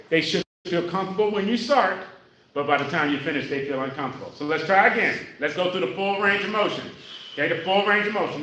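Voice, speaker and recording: A man coaching a seniors' exercise class, counting reps and checking in with the group after nearly every point. His voice is bright and a little high, and it carries through a very echoey room, heard from some distance away from the mic. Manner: demonstrating moves while talking, energy rises when explaining. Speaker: senior fitness instructor. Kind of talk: live exercise class instruction.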